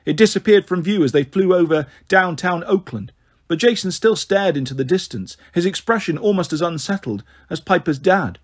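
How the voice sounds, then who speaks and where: Husky man reading a novel aloud. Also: high-pitched, moderate pace. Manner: steady storytelling with character voices. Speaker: audiobook reader.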